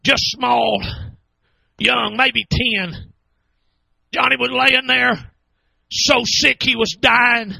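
A man preaching a fervent sermon in a church, telling a story and often shouting. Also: very high-pitched, steady tone, extremely slow, gravelly, pauses often, slightly rough, dry recording, rough recording.

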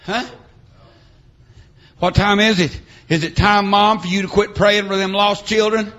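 A middle-aged preacher man delivers a revival sermon through a church PA, his voice sitting a bit high for a man. He jumps from shouting to near-hushed storytelling and keeps dropping in "uh, amen" and "huh?". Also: fairly even intonation, a little slow. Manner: swings between shouted preaching and quiet storytelling. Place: church sanctuary with PA.

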